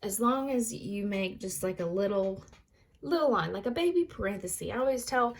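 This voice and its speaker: A young female teacher with a mid-range voice and lively intonation records a reading lesson for young students, slowly and clearly sounding out words and working through the answers on a worksheet.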